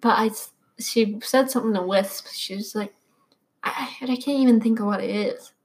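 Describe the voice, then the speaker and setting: A young woman co-hosting a podcast, chatting casually and laughing often. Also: mid-range voice. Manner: chatty, laughs often, echoes others' speech. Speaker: podcast co-host. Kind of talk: casual chat.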